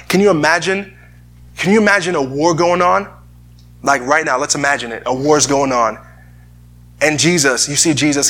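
Male pastor, husky and bright-toned, earnest sermon delivery with frequent restarts. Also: on the high side. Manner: earnest, repeats words while searching for phrasing. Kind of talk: sermon with scripture reading.

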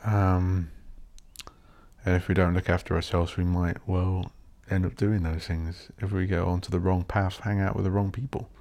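A man's voice: low voice, little pitch movement, moderate pace, a little mellow. A man hosting a solo podcast, rambling and ranting with plenty of swearing. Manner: swears a lot, rants and mocks posh voices. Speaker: podcast host.

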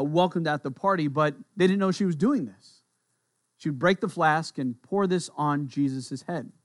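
A man's voice: on the high side, no room sound, studio quality. A man preaching a sermon as a pastor, conversational, with playful asides and repeated words as he thinks aloud.

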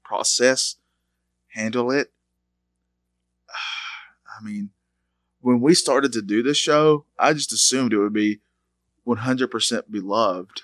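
A man's voice: mid-range voice, slow, long pauses, no echo. A man co-hosting a retro game podcast, joking around with his co-host. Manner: over-the-top mock outrage, shouting; hushed mock-sad delivery. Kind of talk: comedic banter and mock skit.

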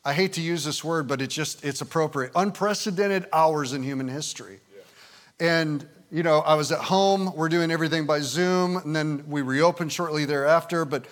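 A man in his fifties, a pastor, preaching a conversational sermon with frequent "and, uh" fillers, slowing down to read scripture. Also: a little high. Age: 50s. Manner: slows and lifts his voice when reading scripture. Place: visiting church service in the evening.

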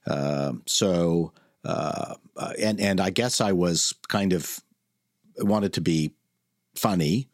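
A man's voice: low voice, slow, dry recording, studio quality. A man, a comedian telling stories as a podcast guest in a jokey, self-deprecating way. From Canada. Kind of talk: podcast interview.

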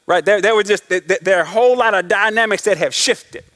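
High-voiced preaching man. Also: brisk, fairly bright tone. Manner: preaching with call-and-response asides; acts out couples' voices in quotes. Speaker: pastor. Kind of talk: sermon.

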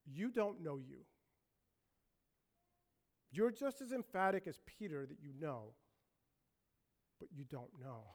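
A man's voice: a little high, lively intonation, slow, long pauses. A male pastor giving a conversational, emphatic sermon.

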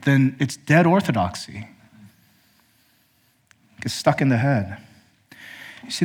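A man preaching a sermon to his congregation, emphatic and direct, calling them brothers and sisters, swinging from high pointed questions down to low, quiet statements. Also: husky. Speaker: pastor.

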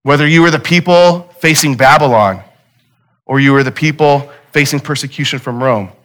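Bright-voiced male pastor preaching. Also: fairly high pitch, moderate pace. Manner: conversational, emphatic repetition. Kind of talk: sermon.

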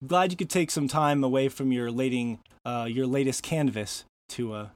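A man's voice: mid-range voice, moderate pace, no room sound. A man hosting a casual podcast chat, joking and laughing often as he introduces his co-hosts. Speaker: podcast host.

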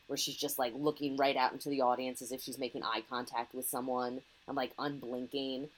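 A woman's voice: a bass voice, little pitch movement, brisk. A woman co-hosting a podcast, chatting casually about a film, laughing often and slipping into quoted lines. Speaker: podcast co-host. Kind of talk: casual film-review chat.

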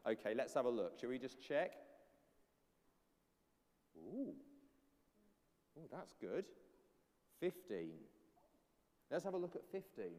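A man's voice: medium pitch, sing-song, takes it slowly, pauses often, a little mellow. A man preaching a sermon with a playful children's object lesson, acting out the voices of doubters. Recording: long echoey hall reverb.

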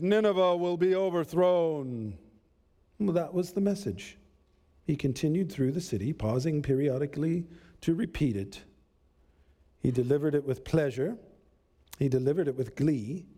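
A man telling a story in the first person, with a measured, deliberate delivery and pauses. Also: mid-range voice, dark tone.

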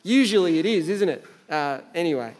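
A man's voice: a little high, expressive, fairly quick. A man with an Australian accent preaching a sermon in a conversational way, asking the listeners rhetorical questions and sometimes stumbling over words. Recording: long reverb in a large hall.

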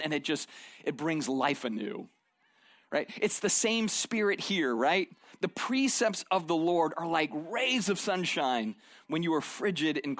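Middle-aged male pastor, high voice, dry close mic; chatty storytelling sermon, checks in with "right?". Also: a bit bright, no echo. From Arizona. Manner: conversational storytelling, frequent "right?" tag questions.

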